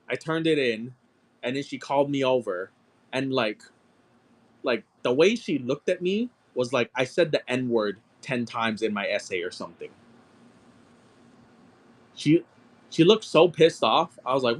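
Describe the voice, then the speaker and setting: A man in his thirties chatting casually while selling on a live stream, telling a story with lots of swearing and calling out sale numbers. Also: mid-range voice. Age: 30s. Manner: profane, animated storyteller, calls out sale numbers. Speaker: live-stream auction seller.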